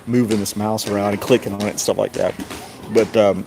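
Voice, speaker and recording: A middle-aged man casually telling a rambling story, often chuckling and mimicking others in a high voice. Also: little pitch movement, a little fast, creaky, music in the background. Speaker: streamer. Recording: noisy background.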